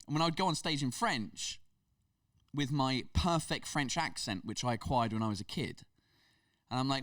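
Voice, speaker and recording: A man with an English accent, a comedian guest telling stories in a casual podcast chat, animated and full of restarts. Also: mid-range voice, normal speed, dry recording, distant mic. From England. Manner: animated storytelling with many restarts.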